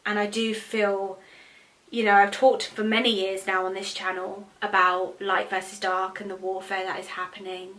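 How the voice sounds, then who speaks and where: A young woman answering viewer questions as a spiritual reader, in chatty, animated talk full of fillers. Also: medium pitch, moderate pace. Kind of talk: casual Q&A monologue.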